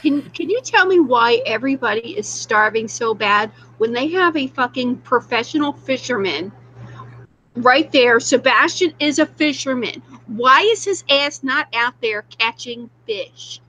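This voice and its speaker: A woman's voice: high-pitched, animated, unhurried, pushed and bright, low-quality recording. A woman in a casual group chat, joking and exasperated, with some swearing.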